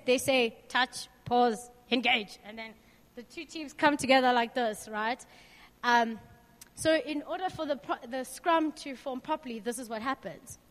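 A young woman leads a youth group, earnest and personal as she asks the room question after question. Her voice sits high, and it rings out with a long reverb, as in a large hall. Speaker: youth leader.

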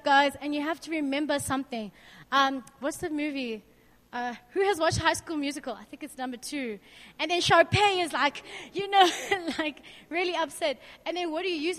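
A young woman speaking to a youth group as its leader, earnest and personal, asking the group lively questions. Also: sits high. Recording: long hall reverb.

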